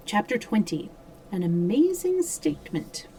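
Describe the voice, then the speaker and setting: A woman reads a mystery novel aloud for a livestream, in a steady voice with small slips and self-corrections. Her pitch sits mid-range. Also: measured pace, a little hiss or hum, poor audio. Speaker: storyteller.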